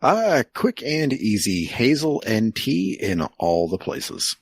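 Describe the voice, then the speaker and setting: Slow, gravelly-voiced man cracking deadpan quips. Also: medium pitch, no room sound. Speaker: podcast co-host. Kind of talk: casual podcast chat.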